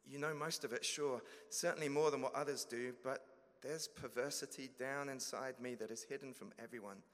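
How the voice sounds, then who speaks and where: A man's voice: medium pitch, normal speed, creaky, voice pushed up, natural voice. A man reading aloud the part of an anxious believer confessing his failures to Jesus, in a church. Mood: pleading. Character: anxious guilt-ridden believer pleading with Jesus. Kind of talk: dramatic reading of a dialogue. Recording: long echo of a large hall.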